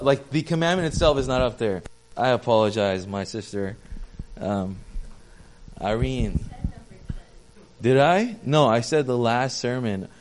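Joking, chatty young pastor, a man. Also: medium pitch. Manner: chatty, self-deprecating, talks with the audience. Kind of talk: casual sermon to a small congregation.

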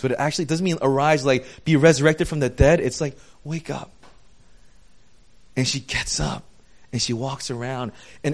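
Conversational male preacher, slightly high. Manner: conversational, swings between hushed storytelling and emphatic raised points. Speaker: pastor. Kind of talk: sermon.

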